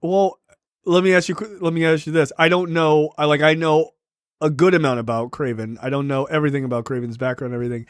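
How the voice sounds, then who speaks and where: A man's voice: a little high, steady tone, quick pace, clean tone, dry recording, clean studio sound. A man co-hosting a podcast in casual chat, teasing and laughing often. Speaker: podcast co-host.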